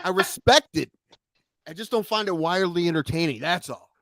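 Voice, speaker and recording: High, lively-voiced wry man. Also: moderate pace. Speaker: podcast co-host. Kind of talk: casual banter.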